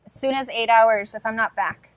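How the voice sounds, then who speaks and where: A woman's voice: a little high, fairly even intonation, moderate pace, no echo, poor audio. Woman player thinking aloud at the table. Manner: tentative, thinks aloud with restarts while planning. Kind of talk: in-character tabletop play.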